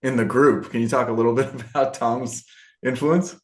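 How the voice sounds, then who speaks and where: A man's voice: medium pitch, steady tone, moderate pace. A man hosting a music interview, asking eager questions, laughing often and saying yeah a lot. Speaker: podcast host, interviewer. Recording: roomy echo.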